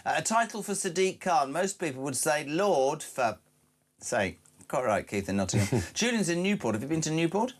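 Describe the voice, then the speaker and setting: Lively, animated radio host. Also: male voice, a little high, moderate pace. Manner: animated, wry, flares into indignant rants. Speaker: radio breakfast show host. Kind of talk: talk radio, reading listener messages.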